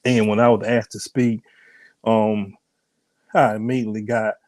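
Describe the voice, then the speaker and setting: Speaking at normal speed with little pitch movement, this ailing host has a lowish, darkish, strained voice. He runs a live ministry stream, chatting casually and calling out viewers by name before he prays and preaches. No room sound is audible.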